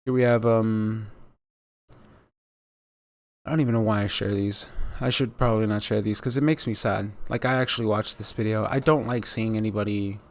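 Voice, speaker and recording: A man's voice: fairly low pitch, steady tone, moderate pace. A man giving casual, rambling commentary on news clips, with many fillers and sarcastic asides.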